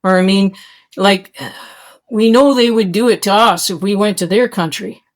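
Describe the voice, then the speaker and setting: Speaking directly to her audience with emphasis, a Canadian woman who hosts a podcast gives an impassioned monologue that sounds like a plea for them to act. Her mid-range voice moves at a slow, deliberate pace, with urgency behind every point.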